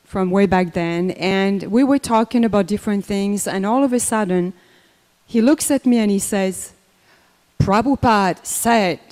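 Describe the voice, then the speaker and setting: An older woman speaks at a memorial in a warm, mellow voice, taking her time and filling gaps with ums and restarts. Her voice rings with a long reverb in a temple hall. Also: medium pitch. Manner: unhurried, conversational, many fillers and restarts. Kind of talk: personal memorial talk.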